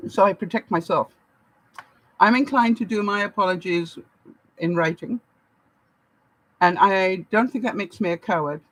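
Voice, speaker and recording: A woman's voice: mid-range voice, normal speed, long pauses, poor audio. A woman from Canada giving casual advice to her viewers, laughing often and acting out the lines she quotes. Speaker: vlogger. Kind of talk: casual advice talk to camera.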